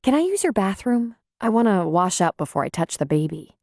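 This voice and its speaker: A woman's voice: medium pitch, sing-song, a little fast, a little mellow, no echo, studio quality. A woman voicing an earnest, troubled city nurse practitioner in an audiobook.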